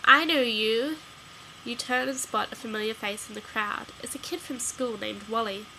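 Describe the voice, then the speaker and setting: A woman reads a children's spooky gamebook aloud in a bright, fairly high voice. She gives the lines lively emphasis as she narrates. A faint noise sits under the recording. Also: a little fast, creaky, rough recording. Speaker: storyteller.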